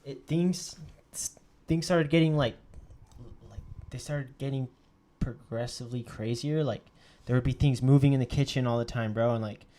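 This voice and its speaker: A man co-hosting a casual podcast, telling a ghost story in an animated way, swearing freely and acting out what people said. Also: medium pitch, normal speed. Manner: animated, swears a lot, acts out quotes. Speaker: podcast co-host.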